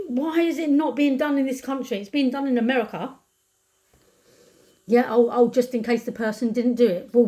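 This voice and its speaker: A British woman vlogging straight to camera, her fairly high voice strained with anger and distress. She circles back on her words, repeating them as she vents. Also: mellow. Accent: British English. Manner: upset, angry ranting with repeated words. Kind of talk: emotional commentary to camera.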